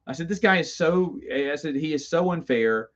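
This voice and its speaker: A man's voice: a little high, animated, normal speed. A middle-aged man casually telling stories about his college days, rambling and self-amused, with stammered restarts. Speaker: host. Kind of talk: casual storytelling. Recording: slightly dull lo-fi sound.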